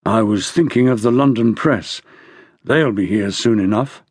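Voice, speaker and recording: Give me a man voicing a curt, impatient detective inspector, low and clipped. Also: a little slow, slightly rough, dry recording, studio quality.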